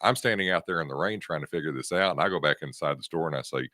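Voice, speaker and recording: A man, a radio host in casual chat, relaxed and making dry quips. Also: extremely low pitch, rapid-fire, dry recording.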